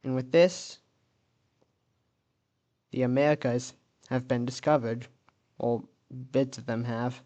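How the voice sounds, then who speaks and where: A man's voice: medium pitch, steady tone, slow, long pauses, warm tone. A man casually narrating an alternate-history map video, thinking aloud and correcting himself as he goes.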